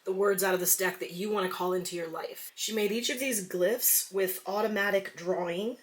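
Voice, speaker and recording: A woman tarot reader casually flipping through a deck, softly murmuring each card's name in turn. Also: medium pitch, normal speed. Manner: soft-spoken, murmurs card names quietly one by one. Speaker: tarot reader reviewing decks.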